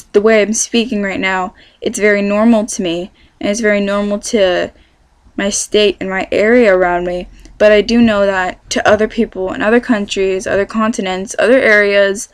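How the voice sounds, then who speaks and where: A woman's voice: mid-range voice, steady tone, moderate pace, smooth, dry recording. A young woman in her teens with a Californian accent, chatting casually to camera from her bedroom and rambling with plenty of self-corrections. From California, USA. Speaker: vlogger.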